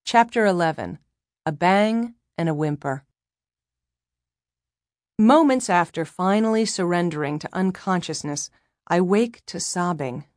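A woman's voice: on the low side, dry recording, studio quality. Wry woman narrating an audiobook. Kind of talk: first-person novel narration.

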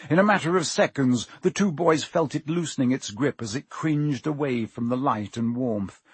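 A man narrating an audiobook with expressive, dramatic pacing. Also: mid-range voice, normal speed, slightly rough, no room sound. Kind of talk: audiobook reading.

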